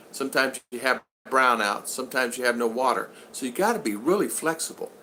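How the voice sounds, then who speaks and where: A man's voice: mid-range voice, bright, forceful tone, slight background noise. An older man hosting a casual live-stream vlog, rambling along and reading out viewer comments. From United States. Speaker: vlog host.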